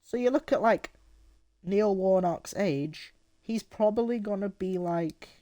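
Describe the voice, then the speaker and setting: A man's voice: high-pitched, measured pace, dark tone, dry recording, clean studio sound. Rambling man streaming a game. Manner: rambling, jokey, with restarts. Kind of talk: casual gameplay commentary.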